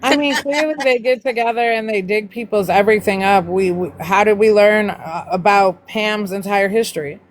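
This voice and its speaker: A woman in casual livestream chat, blunt and profane, talking quickly. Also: mid-range voice. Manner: blunt, swears a lot, fast talking. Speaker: livestream co-host.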